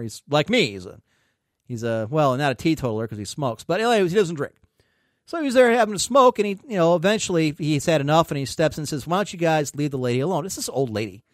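A man hosting his own show talks through a story with a lively, swinging voice set a bit high for a man. He curses freely and jumps into other people's voices when he quotes them. The sound is close and dry, with no room around it. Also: no echo. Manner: animated, profane, quotes others in raised voices. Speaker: podcast host. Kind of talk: casual storytelling.

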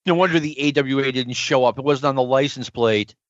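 A man's voice: medium pitch, brisk, no room sound. A man in casual chat, enthusiastic, sharing memories and asking questions. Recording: dry, dull lo-fi sound.

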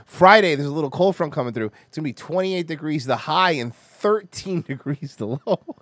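A man from Florida hosting a podcast, ranting loudly and crudely and mocking others in exaggerated voices. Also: on the high side, animated, moderate pace, no echo. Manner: loud, profane, mocking rant. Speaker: podcast host. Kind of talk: casual podcast rant.

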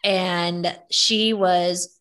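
Bright-voiced young woman telling stories. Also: lowish voice, drawn-out words. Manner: animated storytelling, lots of fillers. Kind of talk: casual chat.

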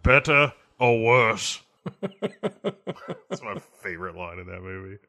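A man's voice: fairly low pitch, very animated, takes it slowly, sharp tone. A man co-hosting a casual film review podcast, crude and laughing through his rants.

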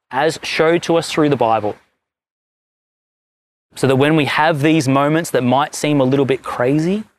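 A pastor telling a story in a sermon, rambling and correcting himself as he goes. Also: on the high side. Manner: rambling, self-correcting storyteller with many restarts.

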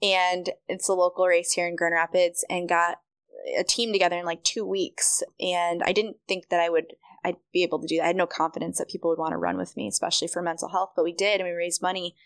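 A young woman with a fairly low voice tells her own story as a podcast guest, chatty and animated, acting out what people said to her. The recording is dry and close, with no room sound. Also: quick pace, no room sound. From Michigan, USA. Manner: chatty, animated, acts out quoted dialogue. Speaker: podcast guest, running coach. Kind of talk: casual storytelling interview.

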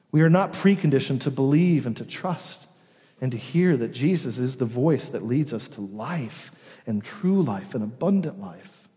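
A man preaching a sermon as pastor, earnest, with dramatic pauses and emphatic swells. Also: medium pitch, dark tone, in a large hall.

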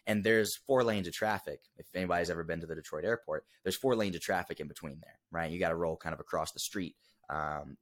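A young man with a very low, deep voice tells a personal story as a podcast guest. He talks earnestly and emotionally, with plenty of fillers and restarts. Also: a bit bright. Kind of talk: casual storytelling interview.

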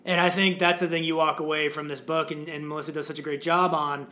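A man's voice: fairly high pitch, little pitch movement, quick pace, bright, forceful tone. A man in his forties, co-hosting a podcast in casual chat, rambling with many fillers and restarts. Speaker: podcast co-host.

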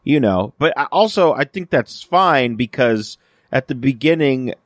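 Co-hosting a podcast, a man chats casually about a TV episode in a medium-pitched, expressive voice at a measured pace. He rambles with many fillers and restarts and acts out the lines he quotes, in a dry, clean studio recording.

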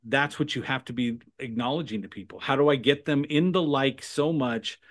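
A man talking as a sales trainer guest in a podcast conversation, animated and punctuating points with "right?" and "okay?". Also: medium pitch, moderate pace. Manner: animated, acts out phone calls in put-on voices.

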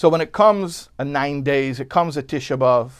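A man teaching a sermon, swinging from hushed storytelling to loud, impassioned outbursts and translating Hebrew phrases line by line. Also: mid-range voice, moderate pace, clear, resonant tone. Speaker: Torah teacher.

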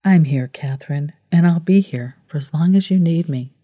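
A woman narrator voicing a steady, comforting grown man who speaks calmly and reassuringly. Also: low voice, normal speed, dry recording, clean studio sound. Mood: gentle. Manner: calm, reassuring.

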